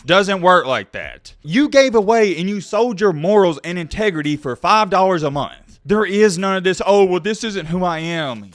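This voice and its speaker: A man's voice: high-pitched, a bit bright, no room sound, clean studio sound. A man giving a preachy, exasperated rant in a commentary vlog. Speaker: commentary YouTuber.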